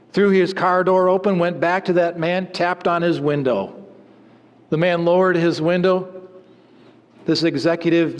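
High-voiced male preacher in a hall. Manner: storytelling with sudden drops to low, quiet emphasis. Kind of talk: sermon with an illustrative story.

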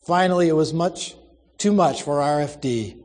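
A man narrates a dramatic story in a measured, expressive voice. His pitch sits slightly above that of most men. A long echoing reverb hangs over the recording.

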